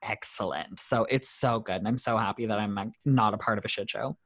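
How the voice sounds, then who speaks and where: A man's voice: fairly low pitch, fairly even intonation, fairly quick. A young man from Canada, a drag queen guest chatting on a podcast, giggly and gossipy with freely dropped swear words. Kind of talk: casual chat.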